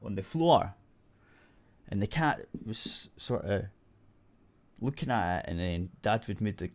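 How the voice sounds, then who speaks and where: Low-voiced Scottish man, rambling chat. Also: big pitch swings, unhurried. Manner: rambling storyteller, swears casually, many restarts. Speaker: radio show host. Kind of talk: casual chat.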